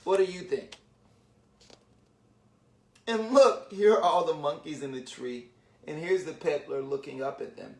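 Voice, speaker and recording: A man reading a children's storybook aloud online, with animated, chatty asides to young listeners. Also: fairly high pitch, measured pace, pauses often. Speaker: children's book reader, literacy founder. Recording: roomy echo.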